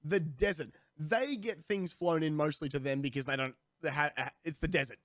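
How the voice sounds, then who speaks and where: A man's voice: normal speed, a bit bright, dry recording, studio quality. Rambling Australian man ranting to camera. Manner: rambling, restarts, swears, jumps in pitch when worked up. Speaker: streamer. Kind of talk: comedic rant to camera.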